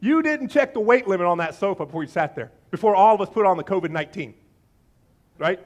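A male pastor preaches to his congregation, telling stories with lots of animation. He slips into quoted voices for his listeners and for biblical figures. His voice sits on the high side. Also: animated, fast. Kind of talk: sermon.

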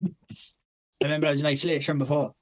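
A young man chatting on a podcast, a touch higher-pitched than most men, who spins long, loose stories about home and school. He swears freely and keeps breaking into laughter as he goes. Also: fairly even intonation, fairly quick. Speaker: podcast co-host. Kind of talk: casual storytelling chat.

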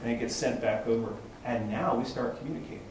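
A man's voice: medium pitch, fast talker, darkish tone, a little hiss or hum. A man presenting at a tech meetup, explaining casually to a small group with frequent restarts and "right?" checks. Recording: echoey room, distant mic, faint ambience.

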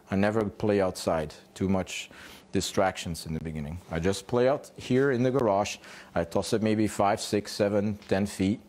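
A man's voice: fairly low pitch, darkish tone. A man, a dog trainer, explaining puppy play in a home garage, asking rhetorical questions and answering them himself. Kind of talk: instructional talk.

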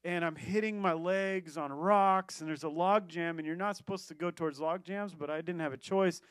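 A pastor preaching a sermon, telling a personal story in a lively, animated way with quick restarts. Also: male voice, on the high side, smooth, no echo.

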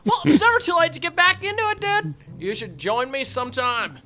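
A woman's voice: sits high, huge pitch swings, brisk, bright, forceful tone, faint music behind, voice pushed up, exaggerated voice. A woman voicing a hearty jock dad in a jokey Australian accent, full of bro talk. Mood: bro-ish. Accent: Australian, put on. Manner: upbeat, bro-ish, laughing.

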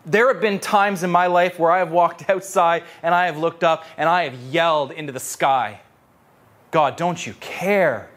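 Animated preaching man, slightly high voice. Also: moderate pace, few pauses. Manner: animated storytelling, repeats phrases for emphasis. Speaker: pastor. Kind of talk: sermon.

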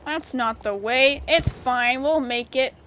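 A woman's voice: high-pitched, slow, a bit bright, a little hiss or hum. A young woman giving casual, gushing commentary while playing a game, giggling and swearing now and then. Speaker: gaming YouTuber. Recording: faint game music behind.

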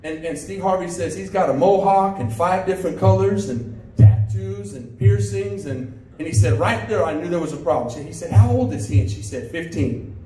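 A pastor telling a story during a sermon, full of restarts and questions to the congregation. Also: male voice, high voice, normal speed, few pauses, warm tone, slight background noise. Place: church sanctuary. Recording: roomy church sound from a distance.

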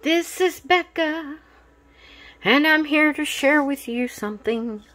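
A woman hosting a casual craft vlog, tired and chatting in an unhurried, rambling way. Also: sits high, fairly bright tone. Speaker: craft channel host.

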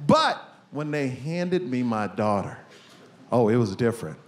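A middle-aged man doing a stand-up comedy set, animated, acting out family scenes and breaking into shouts. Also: mid-range voice, a little slow. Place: comedy club stage with live audience. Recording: live room with steady ambience noise.

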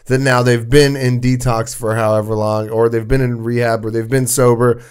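A male podcast co-host with a smooth, resonant voice talks in casual chat. He explains his point earnestly and at length, with some offhand swearing. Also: mid-range voice, level tone, moderate pace, a little mellow.

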